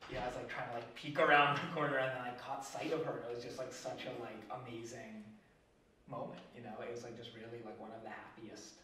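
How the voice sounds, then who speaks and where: A man talking about his wedding in a casual chat, relaxed and filling his speech with "like". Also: mid-range voice, fast, a little hiss or hum. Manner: relaxed, heavy use of "like". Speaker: interviewed groom. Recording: echoey room, mic far off.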